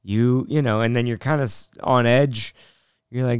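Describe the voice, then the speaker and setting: A man's voice: on the high side, steady tone, slow, clear, resonant tone, no echo, studio quality. A young man hosting a podcast, telling rambling self-mocking stories and laughing often. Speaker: podcast host. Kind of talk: casual storytelling monologue.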